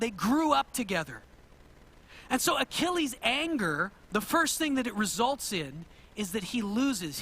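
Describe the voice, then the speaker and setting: High-voiced, animated preacher man. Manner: animated storytelling, retelling myths to a congregation; asks the audience questions. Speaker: pastor. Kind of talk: sermon.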